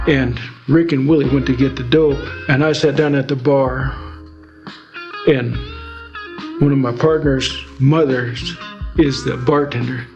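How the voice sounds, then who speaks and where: A man's voice: mid-range voice, creaky, darkish tone. A middle-aged man from Alaska telling his life story in a rambling, filler-heavy way, as a guest in an interview. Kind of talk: personal testimony.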